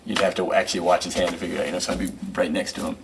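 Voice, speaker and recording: A man, a musician and record producer, telling loose, animated stories as an interview guest, peppering them with "you know" and "man". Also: low-pitched, rapid-fire, gravelly, distant mic, background noise. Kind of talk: casual interview storytelling.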